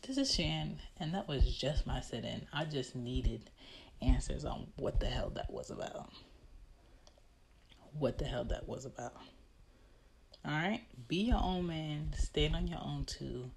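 A woman's voice: a bass voice, vocal fry, slight background noise. A woman giving a blunt, lecturing monologue in a casual vlog, recorded in her home hallway. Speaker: vlogger.

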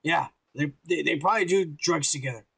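Crude rambling man with a gravelly, high voice. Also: brisk, a bit bright. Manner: rambling, crude, teasing, lots of filler yeahs. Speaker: podcast co-host. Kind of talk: casual profane nerd chat.

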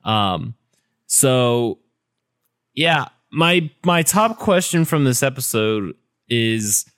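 A man's voice: mid-range voice, sing-song, fairly bright tone, clear, resonant tone, dry recording, clean studio sound. A man co-hosting a podcast, chatting casually and rambling a little as he reviews episodes. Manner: unhurried, rambling with restarts. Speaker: podcast co-host.

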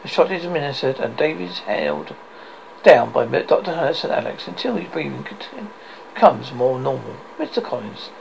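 A man's voice: mid-range voice, big pitch swings, moderate pace, gravelly, dull audio, slight background noise. A man reading a screenplay aloud, reading the stage directions plainly with slips and restarts. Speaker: script reader.

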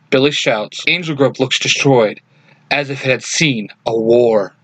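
A young man reading a fan story aloud, lively, shifting his voice for each character. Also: mid-range voice, normal speed, dry recording. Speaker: fan fiction reader.

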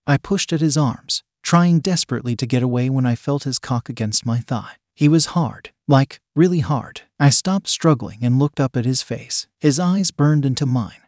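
A man narrating an erotic story in a steady, even reading manner. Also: medium pitch, moderate pace, few pauses, no echo, studio quality.

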